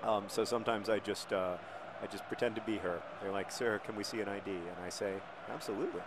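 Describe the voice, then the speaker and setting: A man's voice: on the low side, fast, slight background noise. Man rambling through jokey game commentary. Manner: rambling, jokey, deadpan asides. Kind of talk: casual gameplay commentary.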